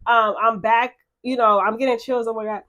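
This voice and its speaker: A woman's voice: a little high, fairly even intonation, moderate pace, sharp tone. A young woman talking in a casual confessional vlog, chatty and emotional, full of fillers and repeated words, frank and blunt. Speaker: vlogger.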